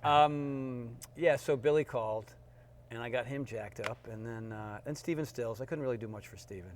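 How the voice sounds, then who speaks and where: A man's voice: medium pitch, moderate pace. Middle-aged guy telling wild stories, doing voices, kinda noisy background. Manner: animated storyteller, acts out quotes in funny voices. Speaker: guest, fitness trainer. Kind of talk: storytelling interview. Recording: faint background noise.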